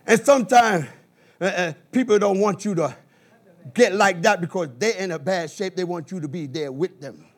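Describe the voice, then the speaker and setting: A man preaching a sermon in an animated call-and-response style, with bursts of shouting. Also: high-pitched, moderate pace, slightly rough.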